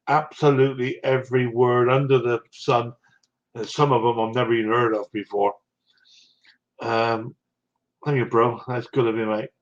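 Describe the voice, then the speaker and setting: Chatty West Country man, dull lo-fi audio. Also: mid-range voice. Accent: West Country English. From South West England. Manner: rambling, chatty, answers viewers' comments with laughs. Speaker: live streamer. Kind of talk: casual live-stream chat.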